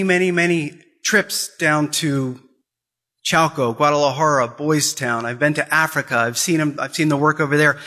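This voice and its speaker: A man's voice: on the high side, sharp tone. A man giving an impassioned Catholic talk, repeating phrases and pressing urgent questions. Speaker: Catholic speaker.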